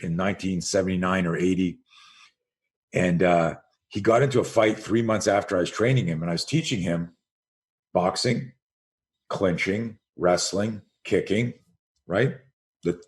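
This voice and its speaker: A man in his sixties, a self-defense coach guesting on a podcast, telling stories with energy, acting out the voices he quotes and repeating words as he restarts a thought. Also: lowish voice. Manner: animated storyteller who acts out quoted voices. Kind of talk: storytelling interview.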